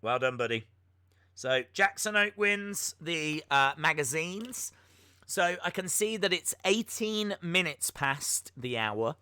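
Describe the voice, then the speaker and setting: Casual male stream host, slightly high voice, bright and forceful, self-mocking and filler-heavy. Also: lively intonation, slow pace, clean tone, dry recording, clean studio sound. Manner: chatty and self-mocking, with many filler words. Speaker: wrestling podcast host. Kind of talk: casual live-stream chat.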